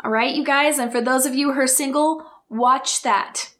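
A woman's voice: high-pitched, fairly even intonation, fairly bright tone. A woman hosting her own podcast, talking straight to her listeners with rhetorical questions, earnest and openly emotional. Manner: earnest, emotional, speaks in slow emphatic bursts. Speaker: podcast host. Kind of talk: heartfelt solo podcast talk.

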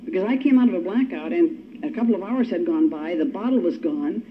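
Speaking fairly quickly and with animation, an older woman with a lowish voice shares her story at a recovery meeting. Her telling is wry and self-deprecating. The audio is dull and lo-fi, carrying a faint hiss.

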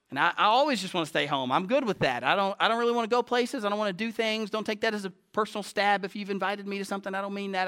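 Male pastor telling stories from the pulpit; high, bright, chatty and animated. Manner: self-deprecating, conversational, animated. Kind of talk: storytelling sermon. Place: church sanctuary.

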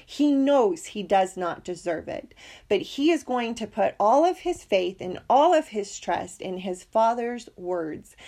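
A woman's voice: medium pitch, darkish tone. A middle-aged woman teaching a scripture lesson, reading verses and sharing a personal story in an earnest, heartfelt way.

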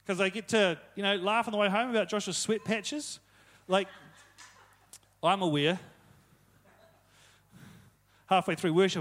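Young male preacher, light high voice, relaxed talky delivery with humorous asides. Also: moderate pace, pauses often. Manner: casual, joking asides, retold quotes. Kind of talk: conversational sermon.

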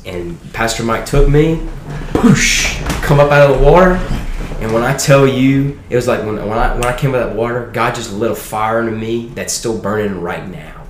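A young man guest sharing a personal testimony in an animated, quick storytelling way. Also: on the low side. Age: young adult. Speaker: podcast guest. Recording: roomy room echo with faint noise.

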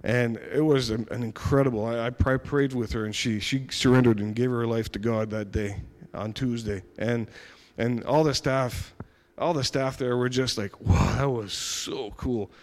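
A man giving a personal testimony, retelling events in a lively way with frequent restarts and acted-out dialogue. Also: medium pitch, normal speed. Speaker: church member giving a testimony.

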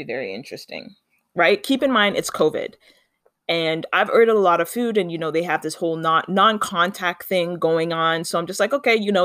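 Casual storytime vlog, animated and chatty, mid-pitched voice, dry close sound. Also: dry recording. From Canada. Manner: animated, chatty, acts out quoted dialogue.

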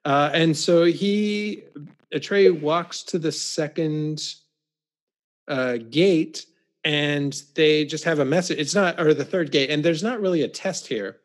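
Wry, higher-pitched man chatting. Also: takes it slowly. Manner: wry and deadpan, lots of "uh" and "um". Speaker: podcast co-host. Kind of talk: casual chat about a film.

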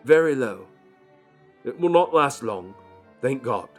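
A man's voice: medium pitch, expressive, slow pace, faint music behind, pitched above the performer's own voice. A man voicing a gloomy, despairing middle-aged doctor in an audiobook, sighing and faltering. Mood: dreary. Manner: dreary, faltering sighs. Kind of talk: audiobook character voice.

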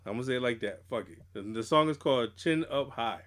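A man's voice: mid-range voice, lively intonation, quick pace, fairly bright tone. Male podcast co-host, loose profane banter, easy laugh, mid-range voice. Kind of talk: casual hip hop podcast chat.

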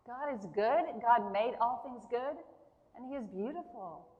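A woman preaching a sermon in a church, earnest and emphatic, with slow pauses between phrases. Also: a little high, expressive, narrow, tinny audio. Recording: long hall reverb.

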